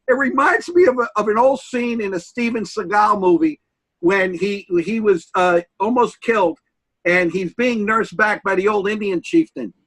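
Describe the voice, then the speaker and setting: Animated, excitable older man with a high voice. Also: low-quality recording. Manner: excitable, animated, jumps between pitches when quoting people. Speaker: panelist. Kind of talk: lively interview banter.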